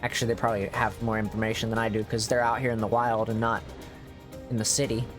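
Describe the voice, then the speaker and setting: A man's voice: lowish voice, level tone, quick pace, music in the background. Jokey male gameplay streamer. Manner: jokey, chats with game characters. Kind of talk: casual gameplay commentary.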